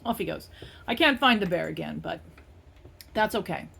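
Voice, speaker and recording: A woman's voice: fairly low pitch, expressive, normal speed, creaky, a bit bright, breathy edge. A middle-aged woman from California giving a casual tarot reading, playful and rambling with frequent laughs. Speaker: tarot reader.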